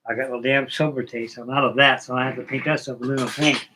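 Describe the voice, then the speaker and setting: A man's voice: mid-range voice, fairly even intonation, fast, far from the mic, noisy background. A middle-aged man hosting a live stream, chatting casually and folksily while he builds models, with rambling talk and casual swearing.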